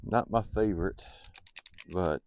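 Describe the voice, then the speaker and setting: A man's voice: low-pitched, takes it slowly, a little hiss or hum. A man chatting casually to viewers while camping outdoors by a lake, a bit sniffly from the cold. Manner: relaxed, chatty, addresses viewers directly. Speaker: vlogger. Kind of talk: casual outdoor vlog talk. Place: outdoors at a lakeside campsite.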